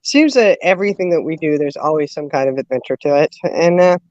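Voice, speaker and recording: Low-voiced and recorded dry, a woman hosts a casual chat. Her long story is lively and drawn out, with frequent laughter and lots of fillers, and the sound is dull and lo-fi.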